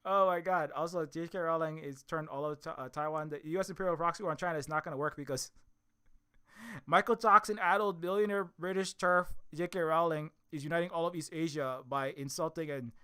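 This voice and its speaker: A man rants through an opinion commentary in a bright, fairly high voice. He speaks in animated bursts, stumbles over repeated words and restarts, and his tone is scornful and mocking. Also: fairly quick, smooth. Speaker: commentary video host.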